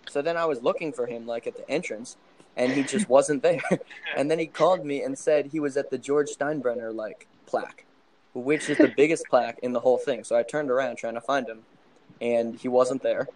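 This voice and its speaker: A man's voice: mid-range voice, a little fast, darkish tone, a little hiss or hum, rough recording. Laughing young man telling a story. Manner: rambling, laughs while telling, many fillers. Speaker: podcast guest. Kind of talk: casual storytelling.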